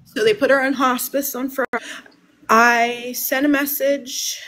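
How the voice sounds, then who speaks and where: A woman speaking as a livestream guest, halting and emotional, restarting her sentences as she tells a family story. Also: a little high, fairly bright tone.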